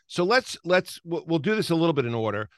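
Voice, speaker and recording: A man hosting a podcast interview, joking and halting as he steers the conversation. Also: a little high, big pitch swings, no room sound, studio quality. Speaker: podcast host. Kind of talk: casual interview.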